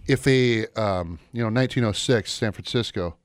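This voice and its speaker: A man's voice: lowish voice, no echo, clean studio sound. A man co-hosting a morning show podcast, wisecracking and cracking jokes at his partner's stories. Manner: wisecracking, jokey, quick to laugh. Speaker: co-host. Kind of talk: casual morning show banter.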